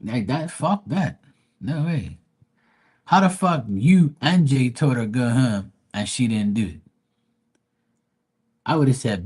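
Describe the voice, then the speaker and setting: Husky guy doing live tarot reads, blunt, swears a lot, restarts mid sentence. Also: medium pitch, expressive, slow pace, long pauses, darkish tone. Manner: blunt, profane, emphatic with many restarts. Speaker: tarot reader. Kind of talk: live-stream tarot reading and storytelling.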